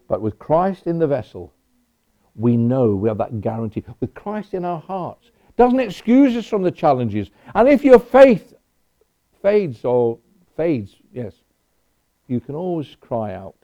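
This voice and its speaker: A man's voice: fairly high pitch, sing-song, a little slow. A man preaching a sermon in a conversational way, with personal asides. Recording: dull lo-fi recording.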